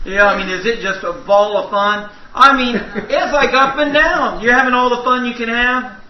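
High-voiced preacher in an echoey church. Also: male voice, normal speed, a little hiss or hum. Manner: folksy storytelling with audience asides. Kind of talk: sermon. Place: church sanctuary. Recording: roomy, distant, muffled church recording.

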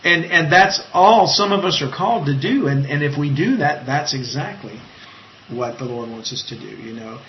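A man preaching informally to an online group, reading viewers' comments and talking in a halting, conversational way. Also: on the high side, expressive, lo-fi sound, slight background noise. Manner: conversational, halting, with many fillers and restarts. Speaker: preacher leading an online Bible study. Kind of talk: informal live-streamed Bible teaching.

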